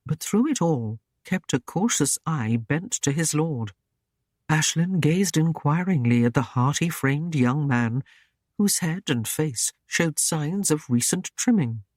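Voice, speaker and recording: A man narrating a historical romance audiobook in a measured, even storytelling manner. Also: fairly high pitch, no room sound, clean studio sound. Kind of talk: scripted narration.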